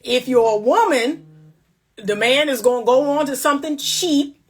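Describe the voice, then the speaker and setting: A woman relationship coach talks straight to her audience with preachy emphasis. Her voice sits a bit high, and she hammers her points bluntly in a casual, faith-driven tone. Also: moderate pace, husky. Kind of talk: casual faith-based commentary.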